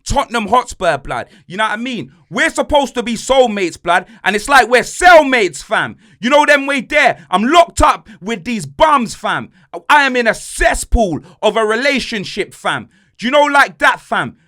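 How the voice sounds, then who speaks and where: A man's voice: very high-pitched, big pitch swings, normal speed, bright, forceful tone. A young man, a podcast host ranting angrily about his football team, swearing and fuming. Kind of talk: football rant.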